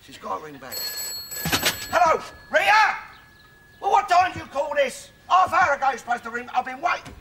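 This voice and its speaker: An actor playing a cantankerous, rude older father in a sitcom, with a blustering, shouting manner. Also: very high voice, big pitch swings, moderate pace, pauses often, exaggerated voice. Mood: grumbling, ranting. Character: cantankerous, bigoted older man, a loud-mouthed father. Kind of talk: sitcom acting. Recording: loud background noise.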